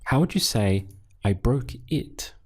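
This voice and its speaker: A man teaching Spanish, patiently drilling phrases and repeating each word slowly. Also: mid-range voice, animated, a little mellow. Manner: slow, patient, deliberate drilling with repeated words. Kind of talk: language lesson with drills.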